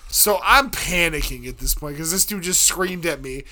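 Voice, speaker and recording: A man from Ohio telling a story in casual, profane, animated chat. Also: fairly high pitch, moderate pace.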